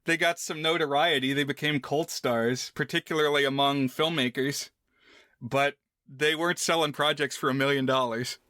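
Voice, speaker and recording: Male podcast co-host, bright tone, slightly high voice, casual film chat. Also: moderate pace, no room sound, clean studio sound. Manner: relaxed, conversational, with frequent fillers.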